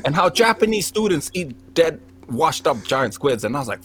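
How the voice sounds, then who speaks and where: This young Cambodian man talks quickly in a voice on the high side. Among friends, he delivers a long, animated, comedic story packed with swearing, performing the lines he quotes.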